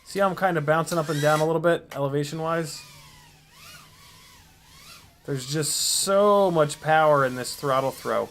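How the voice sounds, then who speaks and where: Gravelly, exasperated livestream host man. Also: on the high side, normal speed, long pauses, a bit bright, slight background noise. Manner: exasperated muttering, reads chat aloud. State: still a bit sick. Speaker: FPV drone livestream host. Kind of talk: casual livestream chat.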